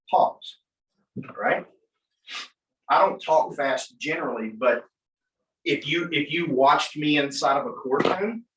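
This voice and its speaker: A man who is an attorney, coaching a class on mock trial in an animated way, acting out courtroom exchanges. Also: medium pitch. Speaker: attorney, guest speaker. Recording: echoey room, mic from far off.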